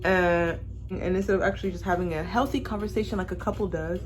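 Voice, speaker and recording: A young woman casually recapping a movie on her vlog, sassy and animated, acting out the characters as she talks. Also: lowish voice, fast talker, soft background music. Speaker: vlogger reviewing a movie while doing makeup. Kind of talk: casual chat.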